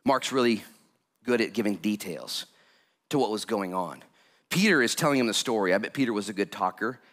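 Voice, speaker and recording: A male pastor delivering a sermon with lots of energy. He jokes with the congregation and jumps from calm explanation to sudden loud, excited bursts. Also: fairly low pitch, fairly quick. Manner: animated, jokey preaching with sudden loud bursts.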